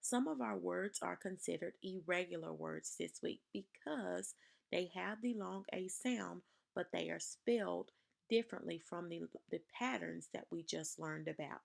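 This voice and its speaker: A woman teaching a spelling lesson to children, explaining slowly and carefully and sounding words out for her class to repeat. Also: lowish voice, creaky. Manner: slow, careful, over-enunciated dictation.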